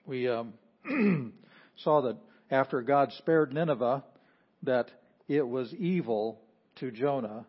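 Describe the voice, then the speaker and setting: A pastor preaching a sermon, explaining patiently and repeating phrases for emphasis. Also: male voice, mid-range voice, expressive, takes it slowly. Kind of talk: sermon teaching. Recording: slightly dull lo-fi audio.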